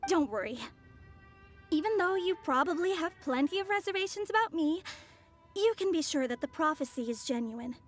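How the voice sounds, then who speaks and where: A woman's voice: extremely high pitch, expressive, normal speed, soft background music. A woman voicing a poised, formal young messenger in a video game. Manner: formal, polite.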